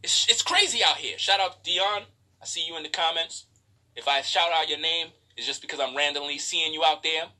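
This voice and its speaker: A man's voice: a little high, brisk, sharp tone. A man preaching a profane, emphatic livestream sermon to women, scolding and mocking them. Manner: preachy, profane, emphatic, mocks others in quoted voices.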